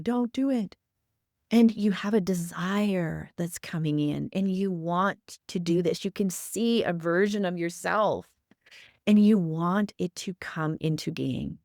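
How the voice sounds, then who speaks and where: Low-voiced woman giving a tarot reading. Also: darkish tone, no echo, clean studio sound. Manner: repeats encouraging affirmations. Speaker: tarot reader and podcast host. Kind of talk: tarot forecast talk.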